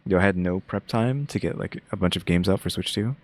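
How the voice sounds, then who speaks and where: A young man hosting his own channel, giving laid-back, monotone reaction commentary. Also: sits low, brisk. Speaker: channel host reacting to a game showcase.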